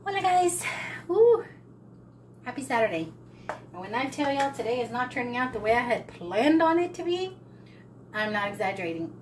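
In a casual backyard vlog, a woman with a fairly high, expressive voice talks a little fast, calming a birthing cat and addressing her audience. Meowing cats can be heard around her. The low-quality recording carries slight background noise.

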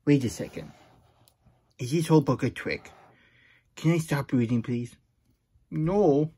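A man's voice: medium pitch, unhurried, dark tone, breathy edge. A man voicing a childlike, curious male hedgehog who reads a children's storybook aloud, using baby-talk grammar and little gasps. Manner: baby-talk grammar, gasping, playful protests. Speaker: storybook reader. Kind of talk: children's read-aloud with character voice.

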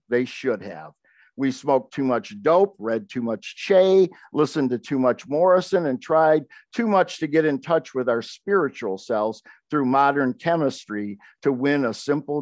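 A man's voice: mid-range voice, no room sound. An older man, a poet, reading aloud from his memoir with wry, conversational asides.

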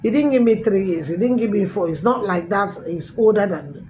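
A middle-aged woman pastor, telling her testimony in a sermon with emphatic, animated storytelling. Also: mid-range voice, fairly quick, a little hiss or hum, low-quality recording. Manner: storytelling with acted quotes, emphatic swings. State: recovering from a tooth extraction.

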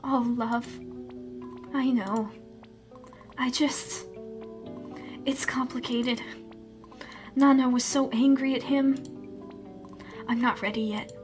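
Gentle scatterbrained mom read by a woman, soft and tender, high voice. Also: steady tone, takes it slowly, pauses often, over music. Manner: soft and tender, calls her daughter darling. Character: gentle, scatterbrained loving mother on the phone. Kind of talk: reading game dialogue aloud.

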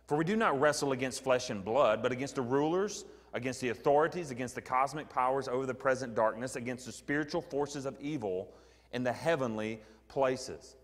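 Southern pastor teaching in a reverberant church. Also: male voice, mid-range voice, fairly quick. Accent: Southern American. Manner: conversational, asks the congregation questions, frequent ums. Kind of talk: evening Bible teaching sermon. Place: church sanctuary.

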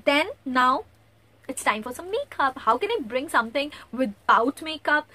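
An excitable young woman talks eagerly through a beauty haul. Her voice sits high and sounds bright and crisp, and she hurries along in a chatty way. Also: normal speed. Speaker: beauty vlogger. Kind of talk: product haul review. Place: at home, near a bookcase.

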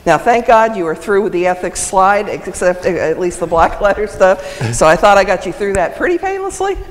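A woman presenting a legal ethics lecture at a symposium, lively and emphatic, laughing often. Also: mid-range voice, moderate pace. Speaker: conference speaker on legal ethics. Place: lecture hall. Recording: reverberant hall sound.

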